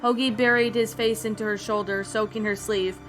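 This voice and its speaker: A woman reading a fan-written story aloud in a steady, even voice. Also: fairly high pitch, fairly quick. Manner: steady, even narration with small slips. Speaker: fan fiction reader. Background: soft background music.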